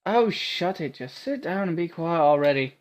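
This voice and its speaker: A man's voice: fairly high pitch, animated, moderate pace, natural voice. A man voicing a bossy swordswoman, Scottish. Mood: stern. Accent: put-on Scottish. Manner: brusque, commanding. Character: gruff tough woman swordswoman, blunt and bossy. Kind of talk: reading a visual novel aloud.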